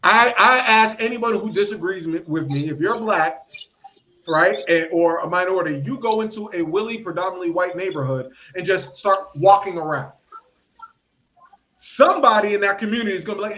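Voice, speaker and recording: A man's voice: high voice, moderate pace, dull audio. A man hosting a podcast, giving opinionated commentary and acting out voices of people he quotes. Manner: animated, acts out quoted voices. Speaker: podcast host. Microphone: podcast mic.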